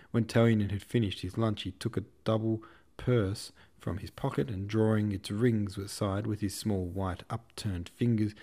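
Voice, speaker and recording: A man reads a classic novel aloud at a steady, measured pace. His voice is low and mellow, with a relaxed, dark tone. The delivery is plain, unhurried storytelling. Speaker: audiobook narrator. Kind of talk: novel reading.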